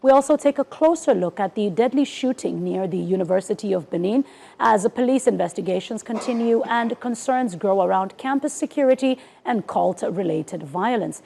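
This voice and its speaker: A woman's voice: mid-range voice, expressive, normal speed, vocal fry, mellow, slight background noise. A woman from South Africa co-hosting a morning TV news show, reading headlines in an upbeat way and bantering playfully with her co-host in a studio.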